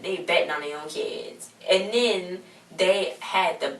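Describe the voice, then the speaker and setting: A young woman recapping a TV episode in casual chat, quoting characters with animated asides. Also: low voice. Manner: chatty, quotes characters in exaggerated asides. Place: home in a hot desert city. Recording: roomy, distant mic with faint hiss.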